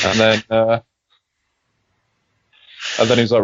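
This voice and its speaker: A man's voice: fairly low pitch, completely flat delivery, unhurried, long pauses, fairly bright tone, muffled recording, a little hiss or hum. A man co-hosting a casual podcast, telling a long joke with many restarts and self-deprecating asides. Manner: self-deprecating, backtracking storyteller. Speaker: podcast co-host.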